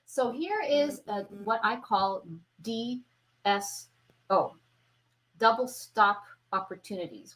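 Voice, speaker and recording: A woman's voice: medium pitch, a bit bright, low-quality recording. A woman violin teacher giving a patient, step-by-step tutorial who keeps checking in with the listener. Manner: patient explaining, checks in with "okay?"; imitates beats with wavering syllables. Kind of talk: instructional tutorial. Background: violin playing.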